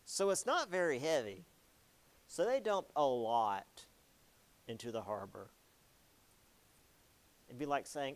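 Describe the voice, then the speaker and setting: A man's voice: mid-range voice, lively intonation, takes it slowly, pauses often. A young man giving a casual history lecture, chatty and jokey, with many ums and likes.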